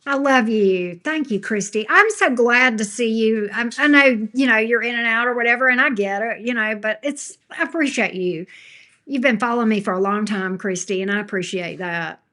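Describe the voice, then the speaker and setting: A woman's voice: on the high side, moderate pace, sharp tone. A woman tarot reader chatting casually with her viewers from home. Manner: chatty, talks baby talk to her pet. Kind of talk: casual livestream chat.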